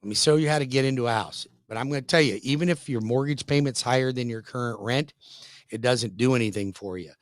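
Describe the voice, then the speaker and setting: A middle-aged man hosting a radio show, giving a pushy, folksy, emphatic sales pitch that repeats points for emphasis. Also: fast, dry recording, studio quality. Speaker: radio show host and mortgage lender. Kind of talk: hard-sell radio pitch.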